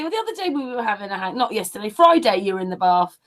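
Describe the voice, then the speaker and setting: A woman's voice: medium pitch, sing-song, quick pace. A woman chatting casually in a group video call, talking over the others and laughing at the banter. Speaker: panelist.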